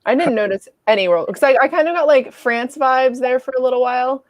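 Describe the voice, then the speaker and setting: A woman's voice: high voice, fairly quick, no room sound. A woman hosting a casual livestream book club, chatting loosely, swearing now and then and acting out quotes.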